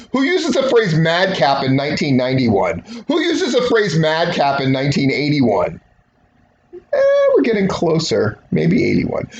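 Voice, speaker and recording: A man hosting a casual solo commentary show, talking in a sarcastic, rambling, jokey way. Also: a little high. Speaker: wrestling podcast host. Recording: roomy, dull recording with faint hiss.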